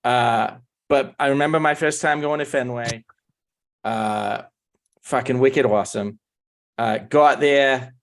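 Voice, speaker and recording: A man co-hosting a podcast, swearing freely and talking with excitement. His voice is middle-pitched and plain. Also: measured pace. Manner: excited, swears, rattles off names. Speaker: podcast co-host. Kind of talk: casual chat.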